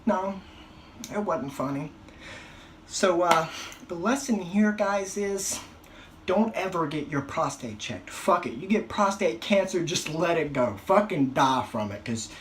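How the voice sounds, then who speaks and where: A young man doing a stand-up comedy routine, telling a crude, profane story with animated outbursts. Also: on the high side, a little slow, slight background noise.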